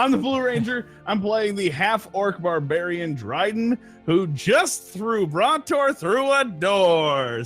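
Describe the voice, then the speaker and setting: Brief: excitable male player, high voice that swings up and down. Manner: excitable, laughing often. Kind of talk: casual tabletop game chat.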